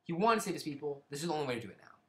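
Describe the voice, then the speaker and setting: A man's voice: a little high, very animated, rapid-fire, roomy sound. A man casually retelling a book's plot in a rambling way, often restarting and hedging. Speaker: book reviewer. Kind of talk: casual spoken plot summary.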